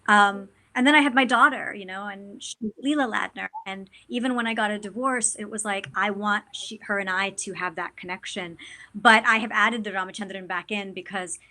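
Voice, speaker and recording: A woman actor talking as an interview guest in a casual, animated way, with lots of fillers and restarts. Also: medium pitch, normal speed. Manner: animated, chatty, many fillers.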